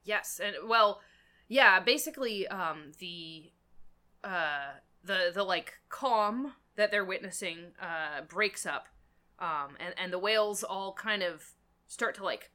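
Bright-voiced woman co-host, halting recaps. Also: mid-range voice, expressive. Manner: hesitant, many fillers while recapping. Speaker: podcast co-host discussing a novel. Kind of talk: casual book discussion.

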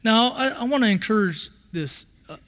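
Impassioned high-voiced preacher man. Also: animated, normal speed, fairly bright tone. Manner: impassioned, repeats phrases. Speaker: pastor. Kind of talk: sermon. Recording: long hall reverb.

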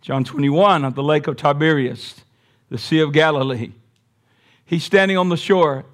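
A man's voice: on the high side, normal speed. A man pastor preaching a sermon, emphatic, with rhetorical questions and calls for amen.

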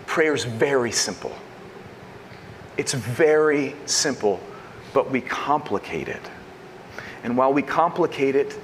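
A man preaching a sermon, asking rhetorical questions and swinging between loud emphasis and hushed lines. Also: medium pitch, slight background noise. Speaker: pastor.

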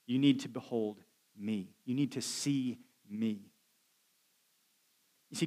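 A male pastor preaching a sermon earnestly, slowing and dropping quiet to stress key lines. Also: medium pitch. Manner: earnest preaching, slows and drops quiet for emphasis.

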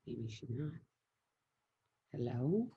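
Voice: medium pitch, sing-song, slow pace, gravelly, mellow, a little hiss or hum. A host joking and filling time during a dropped call. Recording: dull lo-fi call audio.

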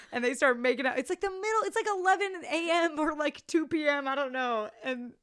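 Young woman, podcast co-host, animated retelling, acts out dialogue, dry close sound. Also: sits high, a little fast, hardly any pauses, no echo. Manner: animated, acts out movie lines with laughter. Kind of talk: casual chat recapping a movie.

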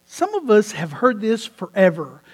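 A male pastor with a high voice preaches in church. He tells his stories with lots of energy, stumbles and restarts, and laughs along with the congregation. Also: measured pace, breathy edge. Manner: animated storytelling with laughs and repeated restarts. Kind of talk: sermon.

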